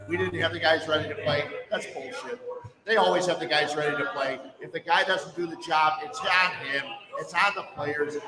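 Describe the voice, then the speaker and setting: A man hosting a live sports talk podcast, giving blunt, emphatic opinions at a brewery party. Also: on the high side. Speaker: sports radio host. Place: brewery release party, indoors. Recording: echoey hall, mic far off, crowd chatter.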